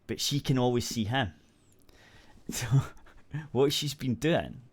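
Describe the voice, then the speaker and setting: A man's voice: medium pitch, animated, takes it slowly. A Scottish man hosting a radio show, rambling through a story in casual chat and swearing freely.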